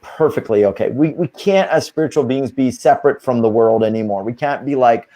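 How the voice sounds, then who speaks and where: A man's voice: medium pitch, a little fast, hardly any pauses, mellow. A man as an interview guest, talking casually and earnestly as he coaches listeners through spiritual steps.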